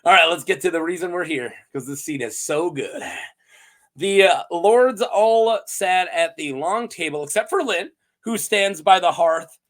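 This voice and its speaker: A man casually recapping fantasy story lore, playful and quick to laugh, with lots of fillers. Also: high-pitched. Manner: playful, animated, laughs often, many fillers. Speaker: host of a fantasy lore channel.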